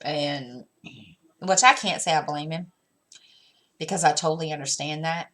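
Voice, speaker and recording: A woman's voice: low-pitched, a little slow, a bit bright. A woman in her thirties, a mother casually telling a story at home, rambling with fillers and restarts and acting out what she and her son said. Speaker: crafting vlogger.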